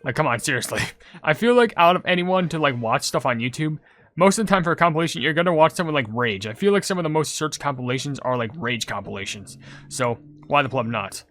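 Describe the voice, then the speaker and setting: A man doing casual gaming commentary, rambling with lots of "like" and "you know", turning loud and excited over game pulls. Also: fairly high pitch, fast. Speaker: gaming YouTuber.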